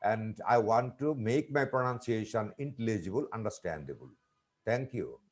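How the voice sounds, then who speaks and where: A man's voice: lowish voice, expressive, normal speed, faint music behind. A man with a Bangladeshi English accent, a presenter answering audience questions in an online webinar, reassuring and explanatory with frequent restarts. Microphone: video call.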